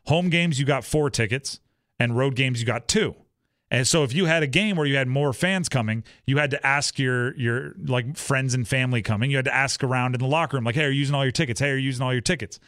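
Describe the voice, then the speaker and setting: A man's voice: medium pitch, fairly bright tone, no echo, clean studio sound. A young man co-hosting a sports talk show in a casual, rambling way, acting out the teammates he quotes. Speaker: sports podcast co-host.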